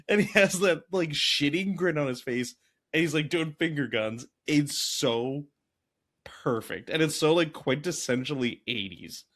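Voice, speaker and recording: A man co-hosting a casual movie podcast, rambling and animated, dropping into quick acted quotes. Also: a little high. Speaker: podcast co-host.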